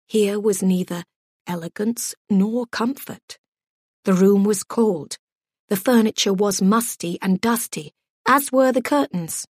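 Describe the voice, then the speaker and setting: A woman narrating an audiobook in a measured, gently expressive storytelling voice. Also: mid-range voice, husky, dry recording, clean studio sound.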